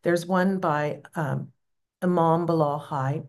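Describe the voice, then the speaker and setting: A woman with a low, slightly gravelly voice guides a devotional practice. She speaks slowly and gently, encouraging her listeners. Her tone is calm and unhurried. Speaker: spiritual teacher.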